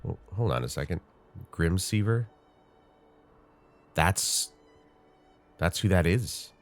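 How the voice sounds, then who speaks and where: Very deep-voiced, congested male game host. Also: expressive, slow, faint music behind. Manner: rambling, chatty, thinks aloud with many fillers. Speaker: gaming channel host. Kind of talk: casual gameplay commentary.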